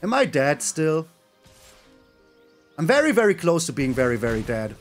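Guy doing card game commentary, high voice, swoops all over, faint music behind. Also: normal speed. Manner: animated, exclaims and groans at plays. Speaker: gaming channel host. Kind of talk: live gameplay commentary.

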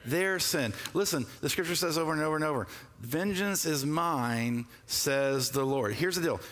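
A man preaching a sermon as pastor, talking conversationally and telling stories with quick asides. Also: a little high, fairly bright tone. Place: church sanctuary. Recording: long hall reverb.

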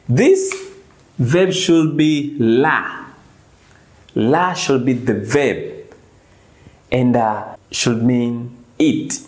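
Slow-speaking Tanzanian man teaching. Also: a little high. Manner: explains step by step with many fillers and repeats. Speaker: language teacher. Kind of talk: classroom tutorial.

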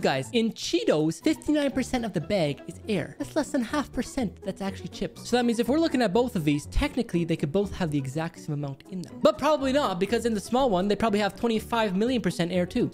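A man's voice: high-pitched, a little mellow. A young man from Canada rambling casually through a reaction video, with mock-shocked outbursts.

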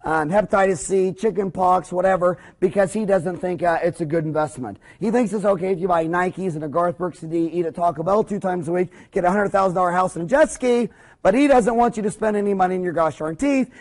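A man's voice: sits high, brisk, darkish tone. Fired-up, blunt man lecturing. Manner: fired-up, blunt, preachy, acts out little scenes. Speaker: dentist lecturing fellow dentists. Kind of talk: energetic spoken lecture.

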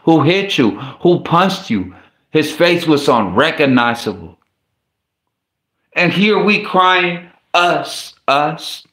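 A man's voice: on the high side, fairly bright tone. Man preaching casually in a roomy echo. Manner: conversational, repetitive restarts, slang asides. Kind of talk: casual sermon.

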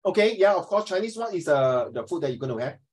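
A man leading a classroom discussion, playful and lively, mixing English with Mandarin. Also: high voice, quick pace, slight background noise, rough recording. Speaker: teacher.

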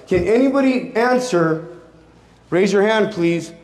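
A man's voice: high voice, expressive, measured pace, a little mellow. A middle-aged man giving a personal testimony to teens as a Catholic youth speaker, emphatic and full of street slang, repeating key phrases. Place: large room with a teen audience. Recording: echoey room.

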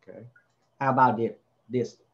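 A man's voice: medium pitch, steady tone, moderate pace, highs cut off. A man tutoring a child in spelling, patiently repeating each word and sounding out its vowels. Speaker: home tutor.

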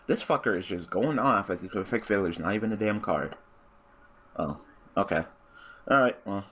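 Lively, low-voiced man gaming. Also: moderate pace, long pauses, a little hiss or hum. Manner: profane, bursts into loud excited outbursts and laughter. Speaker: gaming commentator. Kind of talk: casual let's-play commentary.

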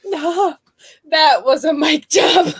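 High-voiced, gushing woman livestreaming. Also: takes it slowly. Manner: excitable, gushing, laughs often, close to tears. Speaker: livestream co-host thanking viewers. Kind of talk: casual livestream chat.

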